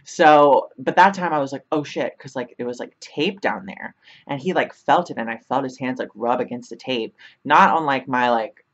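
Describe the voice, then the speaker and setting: A woman's voice: a bass voice, normal speed, dull audio. A young woman vlogger telling a casual storytime, chatty, filling her talk with 'like' and laughing often.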